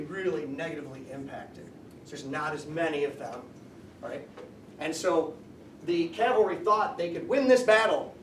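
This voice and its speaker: Male teacher lecturing, high-pitched, picked up from across an echoey classroom. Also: far from the mic, a little hiss or hum. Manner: explanatory, asks the class questions. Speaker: high school history teacher.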